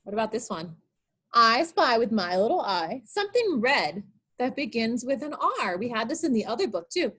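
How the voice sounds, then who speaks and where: High, lively woman reading to small children. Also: moderate pace, slightly rough. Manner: sing-song, coaxing questions to children. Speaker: children's librarian. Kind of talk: online storytime reading picture books to small children.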